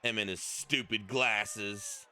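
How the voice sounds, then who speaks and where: A man's voice: lowish voice, steady tone, slow, sharp tone. A man doing wrestling commentary, trash-talking and mocking a wrestler. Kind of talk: heel-leaning play-by-play banter.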